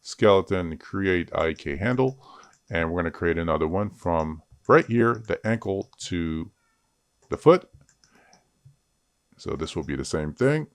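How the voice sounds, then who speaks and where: Deep gravelly man teaching software. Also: animated, measured pace, long pauses, no echo. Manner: chatty, self-joking asides. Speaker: 3D rigging instructor. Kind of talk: screen-recorded software tutorial.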